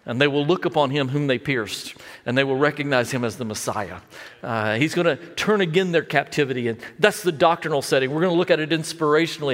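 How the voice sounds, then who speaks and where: A man preaching a sermon, rising into an impassioned, animated retelling with many repeated words. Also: big-room sound. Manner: builds to impassioned, higher-pitched delivery when retelling.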